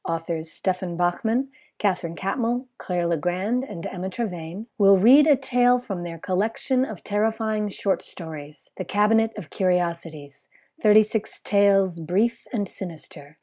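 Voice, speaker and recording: A woman hosting a podcast, reading a scripted introduction in a clear announcing manner. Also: medium pitch, moderate pace, warm tone. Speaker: podcast host.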